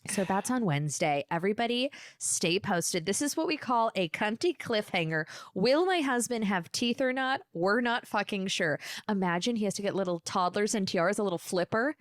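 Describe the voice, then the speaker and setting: A woman in her thirties hosts her own podcast and tells comic stories. She talks in a lively, profane way and slips into quick impressions of the people she quotes. Her pitch sits in the middle range, and the recording is close and dry. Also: dry recording. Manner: animated, profane, mimics people in quoted bits. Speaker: podcast host. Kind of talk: solo comedic storytelling.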